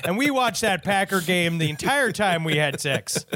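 A man co-hosting a podcast in casual comedic chat, rambling and trading crude deadpan jokes. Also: sits high, moderate pace, a little hiss or hum. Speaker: podcast co-host.

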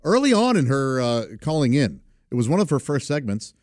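A man hosting a podcast talks in a loose, rambling monologue full of "uh"s and false starts. His pitch sits mid-range for a man. The recording is dry and close, with no room sound. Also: very animated, fairly quick, a little mellow, no room sound. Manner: rambling, with many fillers and restarts. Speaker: podcast host and radio comedian.

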